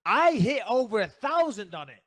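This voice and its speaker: His voice is very high-pitched and swings widely in pitch, moving at a moderate pace with a slightly bright tone and no echo. He's a middle-aged Northern English man co-hosting a laid-back podcast, full of profane storytelling and joking banter.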